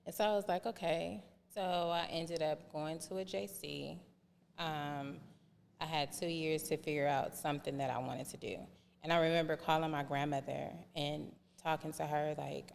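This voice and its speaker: A woman's voice: sits low, normal speed, creaky, long reverb tail. A woman in her thirties telling her life story on a podcast, acting out the voices of people she quotes. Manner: animated storyteller who acts out quoted dialogue. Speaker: podcast guest.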